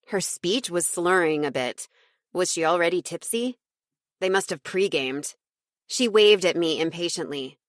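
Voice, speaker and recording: A woman's voice: low-pitched, moderate pace, fairly bright tone, dry recording, studio quality. A woman reading a first-person audiobook in a snarky, wry tone. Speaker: audiobook narrator.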